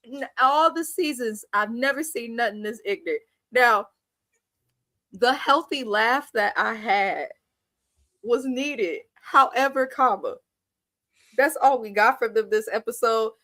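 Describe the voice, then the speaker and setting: Animated, high-voiced woman recapping TV. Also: measured pace, no echo. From Kenya. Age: 30s. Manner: animated, laughing, blunt and profane storytelling. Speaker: show recap host. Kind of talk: live TV recap commentary.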